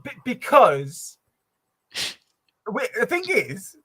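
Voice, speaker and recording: A man's voice: very high voice, very slow, husky. A man from East London with a trained, neutral English accent, chatting casually on a livestream and acting out quotes as he tells stories. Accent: neutral English, trained from Cockney. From East London, England. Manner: animated storyteller who acts out quotes and laughs often. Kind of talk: casual chat.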